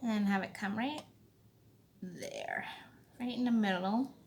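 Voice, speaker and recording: A woman's voice: mid-range voice, expressive, creaky, darkish tone. A woman hosting a card-making tutorial, talking casually and thinking aloud as she works. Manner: slow, chatty, thinking aloud while working. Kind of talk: casual craft tutorial talk.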